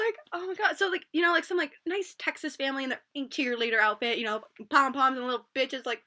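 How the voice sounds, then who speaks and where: A woman in her twenties rattles through a storytime vlog at high speed. She curses freely and leans on filler words. Her voice is bright and sits a little high, caught on a laptop's built-in mic. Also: quick pace. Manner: rambling, swears a lot, constant filler words. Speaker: vlogger.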